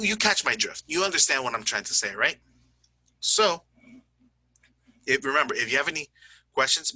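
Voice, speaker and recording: A man teaching an English grammar lesson in a chatty, joking way. He keeps checking understanding with "right?" and "okay?" and slows down to spell out word endings. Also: medium pitch, sharp tone, no echo. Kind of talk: recorded online grammar lesson.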